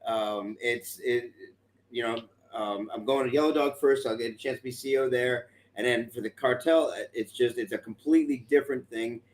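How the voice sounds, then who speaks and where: A man co-hosting a live stream, chatting casually, excitable and over the top, laughing easily. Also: medium pitch, normal speed. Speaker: podcast co-host. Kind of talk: casual chat. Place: home studio for a live stream.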